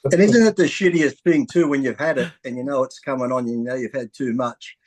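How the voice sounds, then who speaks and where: A man chatting casually on a podcast, relaxed and joking. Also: medium pitch, a little fast, a loud crowd. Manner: relaxed, joking, laughs easily.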